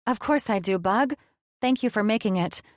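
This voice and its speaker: A woman voices an anxious young woman who speaks tentatively, pitching her mid-range voice above her natural one in a lightly acted performance. She speaks at normal speed, and the studio sound is clean with no echo.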